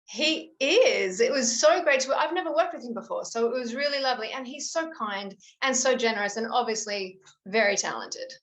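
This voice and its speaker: Gushing actress lady from australia, highish voice, lots of room echo. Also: animated, normal speed, few pauses, fairly bright tone. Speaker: actress guest. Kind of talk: casual interview chat.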